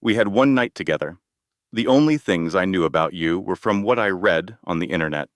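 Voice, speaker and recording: A man's voice: low-pitched, animated, a little fast, no echo, studio quality. A man reading a frightened young pregnant woman. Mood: frightened, defensive. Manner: small, choked, defensive.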